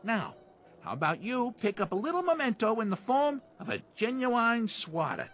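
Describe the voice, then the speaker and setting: A pushy Boston bat seller, brash sales patter, high voice, wildly swooping, video game vendor. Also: male voice, very animated, moderate pace, fairly bright tone, slight background noise, exaggerated voice. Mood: boastful. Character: boisterous male street vendor hawking bats, pushy salesman.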